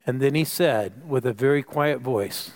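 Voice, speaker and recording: Here the pastor's voice sits in the mid-range, slightly mellow, and his pace is measured. Even so, his sermon is full of energy as he invites the congregation to call back, occasionally whispering for emphasis.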